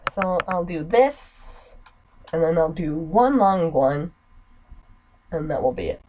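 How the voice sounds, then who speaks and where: A woman's voice: deep voice, animated, slow pace, dark tone, a little hiss or hum, low-quality recording. A woman with an American accent giving offhand, self-mocking asides while playing a video game. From United States. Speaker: let's player. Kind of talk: casual gameplay commentary.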